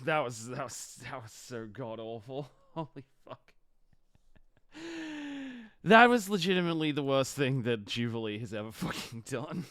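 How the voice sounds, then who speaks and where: A man's voice: mid-range voice, animated, fairly bright tone, dry recording, clean studio sound. A man giving blunt, profane live-stream reaction commentary. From Australia. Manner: blunt, profane, quick to judge.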